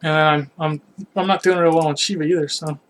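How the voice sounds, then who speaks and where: A man's voice: fairly high pitch, steady tone, fast talker. A man casually chatting on a live game stream, self-critical and rambling, trailing off, a bit out of breath.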